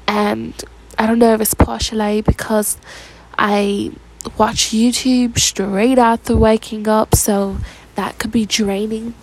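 A sleepy young woman in a rambling late-night vlog chat, soft and drowsy, sometimes sliding into a whisper. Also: a little high, low-quality recording. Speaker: vlogger.

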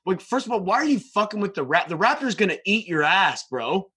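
A man telling a story in casual chat, profane and animated. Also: high-pitched, brisk, breathy edge.

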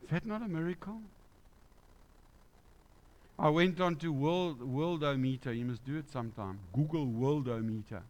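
A man's voice: on the high side, moderate pace, pauses often, a little mellow. A man preaching a conversational sermon in church, asking the congregation questions. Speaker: pastor.

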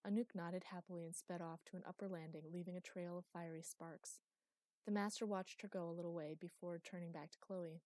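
A woman reading a fantasy audiobook as narrator, in an even storytelling style. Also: on the low side, normal speed, no echo.

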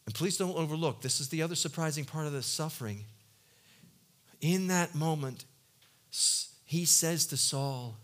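A male pastor preaching a sermon who acts out voices from the story and swings from loud outbursts to hushed, low lines. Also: moderate pace. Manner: animated, acts out voices of biblical figures and God; swings between loud exclaims and quiet, low-voiced asides.

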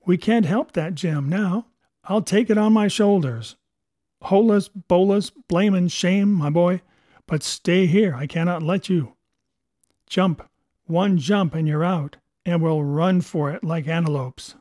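A man's voice: a little high, fairly even intonation, unhurried, darkish tone, no echo, lightly acted. A man voicing a stern but kindly older doctor who speaks earnestly and urgently in a storybook reading.

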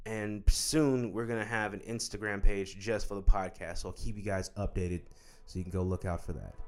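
A man's voice: lowish voice, steady tone, normal speed, faint music behind. Crude, joking podcast host man. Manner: crude, joking, swears freely, says "dude" and "bro". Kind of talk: casual chat.

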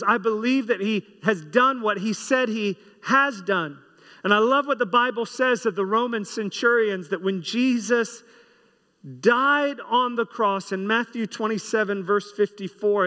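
A man's voice: high voice, pushed and bright. A man preaching a sermon as pastor, leading his congregation in call-and-response. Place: large church hall. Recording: long hall reverb.

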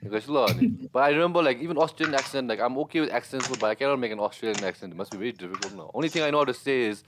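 A man's voice: mid-range voice, animated, racing, background noise. A man hosting a casual chat, asking curious, teasing questions. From Bhutan.

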